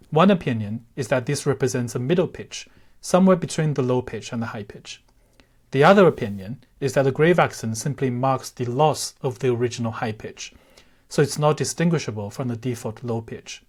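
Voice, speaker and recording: A man talks through a lesson in a measured, careful voice with a soft, breathy edge. His pitch sits in the middle range, and he stops now and then to sound out example words slowly. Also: expressive. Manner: measured, careful, demonstrates word pronunciations aloud. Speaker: language teacher. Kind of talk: explanatory lesson narration.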